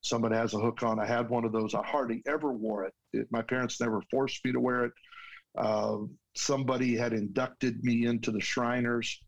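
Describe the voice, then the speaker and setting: Man, mid-pitched, guest sharing a heartfelt personal story, earnest, restarts now and then. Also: steady tone, a little fast, rough recording. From United States.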